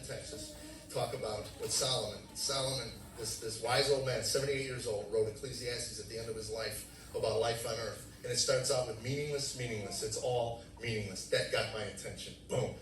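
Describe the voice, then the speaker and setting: A man in his forties tells his testimony from the pulpit, acting out old conversations and jumping into sudden loud bursts. He talks fast, in a voice of middle pitch. The sound is roomy and echoey, picked up from some distance. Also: a little hiss or hum. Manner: animated storytelling, acting out dialogue with sudden loud outbursts. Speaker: preacher giving testimony. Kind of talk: sermon testimony. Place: church sanctuary. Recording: echoey room, mic at a distance.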